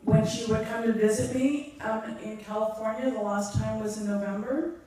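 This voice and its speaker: A middle-aged woman giving a funeral eulogy, halting and heartfelt, with frequent ums. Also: on the high side, steady tone, warm tone. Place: large echoey hall. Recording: echoey hall from far off.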